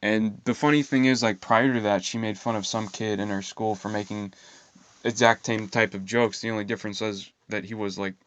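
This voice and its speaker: Aggrieved young man, smooth low voice. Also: steady tone, fairly bright tone, highs cut off. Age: young adult. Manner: aggrieved, profane, halting with fillers. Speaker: vlogger. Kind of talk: rambling personal storytime monologue.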